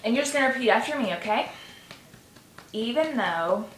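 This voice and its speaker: A woman guiding a tapping session, coaching gently and sighing between slow repeat-after-me phrases. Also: a little high, animated. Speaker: tapping guide. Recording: echoey room with faint noise.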